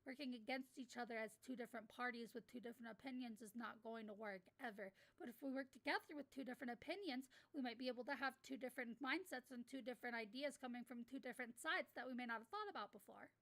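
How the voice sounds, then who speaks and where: Bright, high-voiced woman ranting on stream. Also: quick pace, few pauses. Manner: blunt, profane, heated ranting. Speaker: livestreamer. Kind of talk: casual livestream rant.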